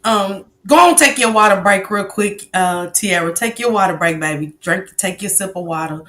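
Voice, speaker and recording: A woman hosting a live-stream interview, speaking gently and encouragingly to her guest. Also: medium pitch, moderate pace. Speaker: host.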